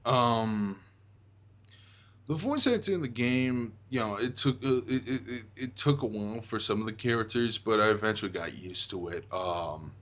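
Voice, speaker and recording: A man's voice: fairly low pitch, fairly bright tone. A young man hosting a casual chat about a video game, rambling with many fillers and restarts. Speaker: host.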